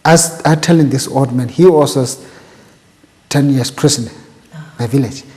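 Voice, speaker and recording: Older Tibetan-accented man in halting English. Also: mid-range voice, darkish tone, long reverb tail. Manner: halting, repeats words, plain broken English. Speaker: interviewee. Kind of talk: oral history interview.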